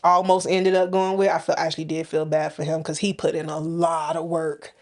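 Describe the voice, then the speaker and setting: A woman's voice: sits low, flat delivery, a little fast. A woman in her thirties co-hosting a podcast in casual chat, telling stories and acting out both sides of conversations. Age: 30s. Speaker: podcast co-host.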